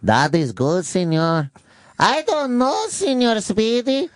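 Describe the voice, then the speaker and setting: Man doing a high mock-accented cleaning lady. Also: sing-song, no echo, clean studio sound, exaggerated voice. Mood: teasing. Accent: mock Spanish. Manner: high falsetto, drawn-out crude teasing. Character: mocking put-on Mexican cleaning lady, flirty.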